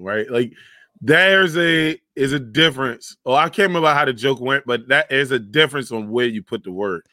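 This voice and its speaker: A man chatting casually on a panel over a video call, animated and slangy, often restarting his sentences. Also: medium pitch, normal speed, no echo. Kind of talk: casual podcast chat.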